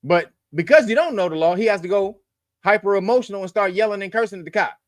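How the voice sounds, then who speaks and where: A man's voice: high voice, fast, dry recording, studio quality. A man hosting a news commentary show, blunt and profane, lecturing his viewers. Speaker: host.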